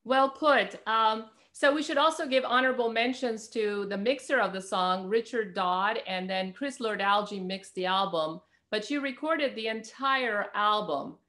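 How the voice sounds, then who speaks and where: A woman's voice: medium pitch, moderate pace, hardly any pauses, pushed and bright. A woman hosting an interview, upbeat and friendly as she asks her questions. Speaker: host. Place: California.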